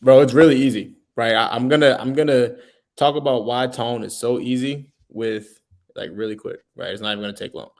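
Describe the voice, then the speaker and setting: A man's voice: mid-range voice, fairly even intonation, a little fast, a little mellow. Casual man coaching sales, keeps asking "right?". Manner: loose, repeats himself, says "right?" often. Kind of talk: casual podcast chat.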